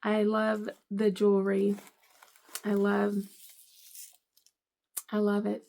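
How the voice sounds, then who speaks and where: Slow, gravelly-voiced woman gushing over gifts. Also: medium pitch, completely flat delivery, mellow. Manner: gushing, emotional, tearful at times. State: teary. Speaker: vlogger. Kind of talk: casual unboxing vlog.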